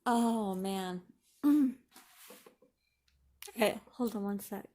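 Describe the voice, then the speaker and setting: A woman's voice: medium pitch, drawn-out words. Gushing woman unboxing on camera. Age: 40s. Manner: gushing, excitable, talks to viewers. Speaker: crafting vlogger. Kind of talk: casual unboxing commentary.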